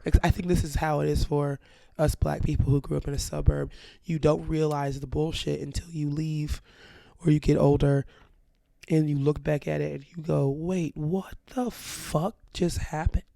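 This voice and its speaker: Blunt, gravelly-voiced woman storyteller. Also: low-pitched, moderate pace, dry recording, studio quality. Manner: animated, blunt, swears freely. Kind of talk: casual storytelling chat.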